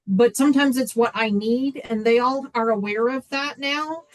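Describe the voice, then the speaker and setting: A woman's voice: on the high side, moderate pace, rough recording. A woman in a casual livestream chat, speaking earnestly and encouragingly, often restarting her sentences. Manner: earnest, encouraging, repeats words when starting.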